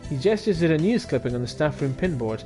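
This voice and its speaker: A man streaming a visual novel, reading it aloud with animated, laughing asides. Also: fairly high pitch, fast talker, soft background music.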